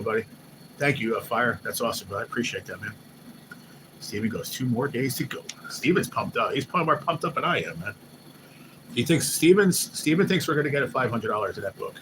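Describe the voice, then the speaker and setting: A man hosting a live stream, chatting casually and excitably, swearing loosely and often mimicking what others said. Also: medium pitch. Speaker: livestream host. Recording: noisy background hum.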